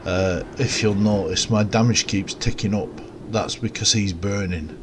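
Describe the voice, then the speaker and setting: A man giving casual, rambling commentary over a recorded game, with relaxed, self-mocking asides. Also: lowish voice, unhurried, noisy background. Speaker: gameplay commentator.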